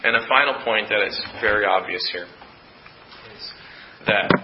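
A man's voice: lowish voice, normal speed, lo-fi sound, a little hiss or hum. A man preaching a sermon as pastor, emphatic, repeating his points and asking rhetorical questions. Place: church.

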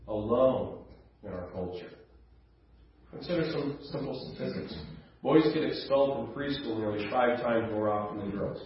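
A man preaching a sermon as a pastor, earnest, with soft low asides and raised emphatic passages. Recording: roomy, distant mic, slightly dull.

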